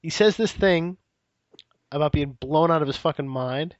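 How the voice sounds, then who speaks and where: A man hosting a casual comedy podcast, animated and laughing often as he breaks down clips. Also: on the high side, normal speed, dry recording, dull audio. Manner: animated, laughing, quotes others in mock voices. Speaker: podcast host.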